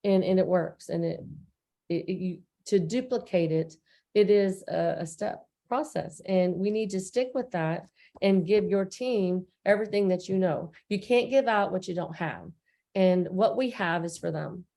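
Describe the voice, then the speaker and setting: A woman's voice: lowish voice, a little slow, vocal fry, mellow. A woman co-hosting a casual recap chat, talking earnestly and loosely with plenty of fillers. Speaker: co-host.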